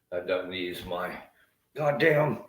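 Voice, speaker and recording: Low-voiced man ranting while in pain. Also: a little hiss or hum. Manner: profane, rambling, bitter. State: in pain, feeling unwell. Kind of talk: rambling rant to camera.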